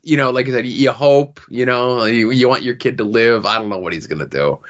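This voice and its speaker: A man's voice: mid-range voice, fairly quick, highs cut off. A middle-aged man hosting a podcast, chatting loosely and sometimes stammering. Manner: relaxed, loose, a bit stammering. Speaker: podcast host. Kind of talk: casual chat.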